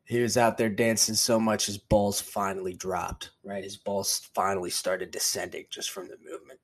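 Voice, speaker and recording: A man's voice: fairly low pitch, little pitch movement, normal speed. A young man hosting a podcast alone, telling rambling, profane, laid-back stories in casual talk. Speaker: podcast host. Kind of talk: casual solo podcast monologue.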